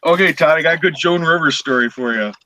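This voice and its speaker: High bright-voiced man telling stories. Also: fast, a little hiss or hum, poor audio. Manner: animated, acts out quoted voices. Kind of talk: casual storytelling chat.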